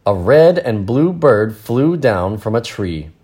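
A man reading a picture book aloud and explaining words in a relaxed, playful way. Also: fairly low pitch, slow pace. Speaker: storyteller and English teacher.

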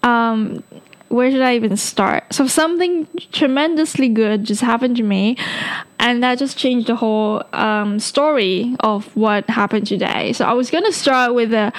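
A woman's voice: fairly high pitch, unhurried. A woman hosting her own podcast alone, rambling casually with many ums and frequent laughter, a little tipsy. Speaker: podcast host. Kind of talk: casual solo podcast monologue.

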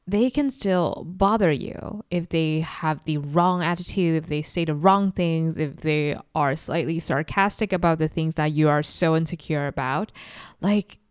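A woman's voice: deep voice, unhurried, smooth, dry recording, studio quality. A woman in her twenties hosting a solo podcast, talking in a reflective, confiding way and sometimes mimicking people sarcastically. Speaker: podcast host.

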